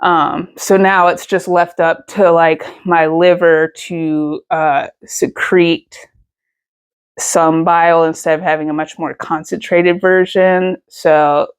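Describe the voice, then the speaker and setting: A woman's voice: fairly low pitch, level tone, slow pace, smooth. A woman, telling a personal story in a casual vlog, emotional and rambling with many fillers and restarts. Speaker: vlogger.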